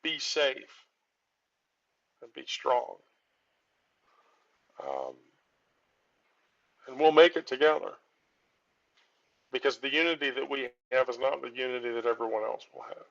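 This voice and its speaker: A man's voice: medium pitch, lively intonation, a little slow, vocal fry, pauses often, fairly bright tone. A man hosting a live stream, talking in a consoling, rambling way with many filler sounds, heard on muffled lo-fi stream audio. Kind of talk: casual live stream talk.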